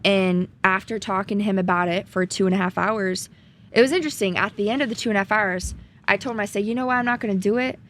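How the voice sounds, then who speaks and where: Young Southern woman guest, earnest and chatty, mid-pitched. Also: steady tone, quick pace, fairly bright tone, a little hiss or hum. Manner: earnest, chatty, with frequent ums and likes. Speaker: podcast guest. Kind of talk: casual storytelling chat.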